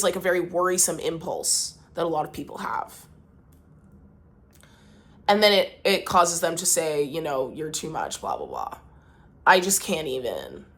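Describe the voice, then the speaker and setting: A woman's voice: on the low side, a bit bright. A woman vlogger talking casually to her viewers, emphatic and exasperated as she vents. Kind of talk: casual talk to camera.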